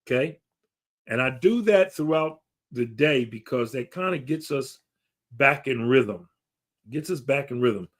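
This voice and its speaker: A man's voice: mid-range voice, animated, a little slow. A man talking to camera as a grief counselor, giving earnest advice with many fillers and restarts.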